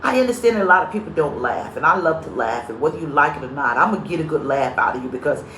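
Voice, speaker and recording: A woman's voice: low-pitched, fast talker, slight background noise. Woman pastor preaching in an echoey room. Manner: greets viewers by name between sentences; lively, comedic storyteller. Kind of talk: live-streamed sermon.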